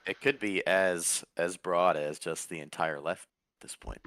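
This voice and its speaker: Co-host, male, extremely low pitch, tight dry close sound, casual. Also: steady tone, unhurried, fairly bright tone, dry recording. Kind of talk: casual chat.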